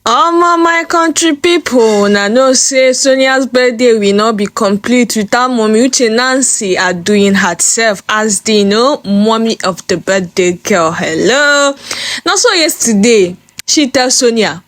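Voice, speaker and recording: A woman's voice: a little high, lively intonation, a little slow, a bit bright, no echo. A woman with a Nigerian accent, hosting a celebrity gossip channel and chatting in a gushing way, mixing pidgin with English. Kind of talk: gossip commentary.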